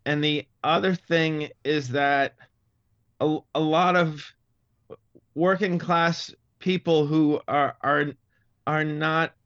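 A man's voice: fairly high pitch, fairly even intonation, takes it slowly, a bit bright, dry recording, lo-fi sound. A man in his fifties from Massachusetts, speaking in a neutral Midwestern-style American accent as an interview guest, thoughtful and full of stammering restarts. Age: 50s. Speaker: comedian guest. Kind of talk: interview conversation.

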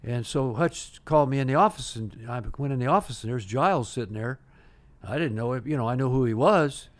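An older man, a retired pitcher, telling long anecdotes in a casual interview, with many restarts and "uh" fillers. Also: a little fast.

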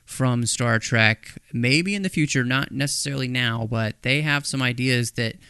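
A man co-hosts a podcast in easygoing chat, his voice bright and smooth. He talks on eagerly, cracks jokes and slips into goofy voices. The sound is dry and close. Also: mid-range voice, moderate pace, no room sound. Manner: jokey, chatty, tries silly impressions. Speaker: podcast co-host. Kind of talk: casual podcast discussion.

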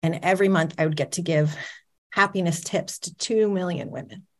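A woman's voice: on the low side, steady tone, brisk. A woman in her forties, a motivational speaker, telling a personal story on stage with dramatic pacing and questions to the audience.

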